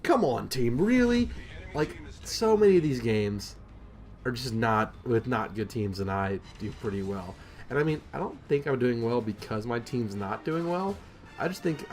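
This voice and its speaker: A man's voice: fairly low pitch, darkish tone. A young man giving casual, self-deprecating commentary over his own gameplay, with lots of ums and rambling asides.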